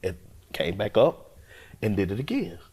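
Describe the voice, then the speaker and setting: A man, a pastor and guest, telling a personal testimony in an interview, colloquial and expressive, acting out what he said to himself. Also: lowish voice, moderate pace, slight background noise. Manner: expressive, colloquial storyteller who acts out his own inner voice.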